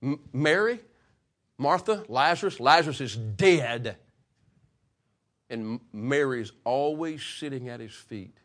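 A man preaching a sermon, swinging from loud, passionate peaks to hushed, quiet stretches. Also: mid-range voice, animated, measured pace, pauses often. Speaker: pastor.

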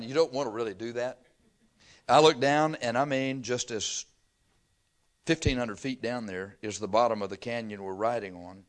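An older man from Texas, preaching a sermon through folksy, humorous stories. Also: medium pitch. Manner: folksy storytelling with laughter.

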